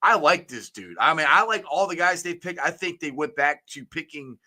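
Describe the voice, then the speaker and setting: A man hosts a casual sports talk show, and his voice has a bright, forceful edge. He rambles comfortably through his opinions and often lets his sentences fade out. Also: fairly high pitch, brisk. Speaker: sports podcast host.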